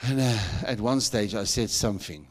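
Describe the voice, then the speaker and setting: South African pastor preaching a sermon. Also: male voice, fairly low pitch, normal speed. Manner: storytelling preacher, emphatic rising calls. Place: church.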